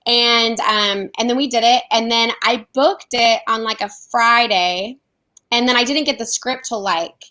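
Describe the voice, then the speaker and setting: An actress telling animated stories about auditions in a casual interview. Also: female voice, fairly high pitch, a little slow, poor audio. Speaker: actress guest.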